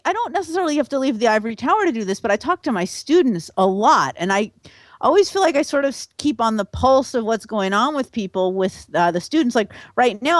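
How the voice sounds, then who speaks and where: A woman with a fairly high voice that swings widely in pitch, speaking as a guest academic. She talks in an animated, loose way, full of fillers and restarts. The sound is dry and close. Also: dry recording. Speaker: guest sociologist. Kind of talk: casual interview talk.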